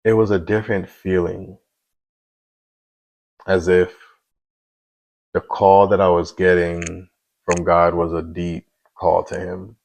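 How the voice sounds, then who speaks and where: A man's voice: sits low, level tone, takes it slowly, gravelly, long pauses, darkish tone, poor audio. A man in his thirties giving a candid personal faith testimony, earnest and confessional, with many "you know" asides. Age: 30s.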